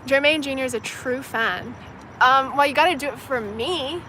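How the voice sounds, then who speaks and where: A woman's voice: high-pitched, normal speed, sharp tone, a little hiss or hum. A young woman from China hosting a casual livestream outdoors, chatting loosely with lots of "like" and "you know" and laughing often. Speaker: livestream host answering viewer comments. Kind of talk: casual chat.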